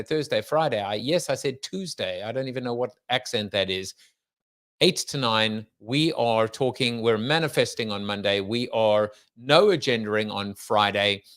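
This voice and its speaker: A middle-aged podcast host opens his show with a playful, rambling monologue packed with jokes and wordplay. He's jokey and theatrical, riffing in a mid-range, slightly bright voice.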